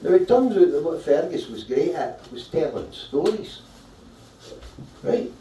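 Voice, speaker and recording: A man's voice: on the high side, animated, a little slow, mellow, a little hiss or hum. A man doing stand-up comic storytelling at a live show, chatty and irreverent, with swearing and frequent checks of "right?". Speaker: stand-up comedian. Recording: roomy, distant mic at a live show.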